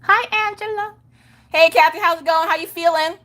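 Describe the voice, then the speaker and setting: A middle-aged woman hosting a craft livestream, chatting casually and reading out viewer comments. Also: moderate pace. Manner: animated, swinging between squeals and low mutters.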